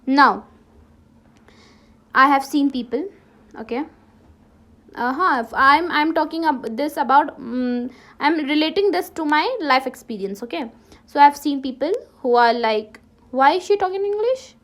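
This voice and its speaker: High-voiced woman teacher saying "okay?" often. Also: a little slow, pauses often, fairly bright tone. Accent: Ladakhi. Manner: repeats "okay?" after nearly every sentence; many restarts and self-corrections. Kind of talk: classroom lesson. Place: classroom.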